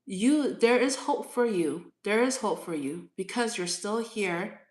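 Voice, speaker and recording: A woman's voice: medium pitch, lively intonation, a little slow. A woman tarot reader on a live stream, firmly lecturing a commenter and repeating her points. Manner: firm, lecturing, repeats herself. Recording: echoey room.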